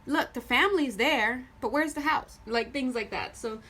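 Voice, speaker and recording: A woman with a somewhat high voice reads tarot cards in a loose, conversational way. She chats straight to her viewers and talks in an animated manner. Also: moderate pace. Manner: addresses viewers directly. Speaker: tarot reader. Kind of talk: casual spoken tarot reading to viewers.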